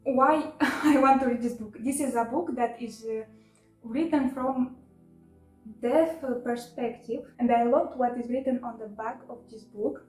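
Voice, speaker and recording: A woman's voice: fairly high pitch, unhurried, reverberant, faint music behind, rough recording. A woman with chatting casually in a book haul video, emotional and laughing often with many fillers. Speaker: book vlogger.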